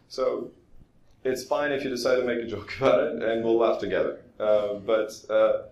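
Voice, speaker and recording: A man's voice: mid-range voice, steady tone, normal speed, darkish tone. A man speaking as a guest at an art expo, telling a story casually with many fillers, restarts and self-deprecating humor. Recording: roomy echo with faint ambience.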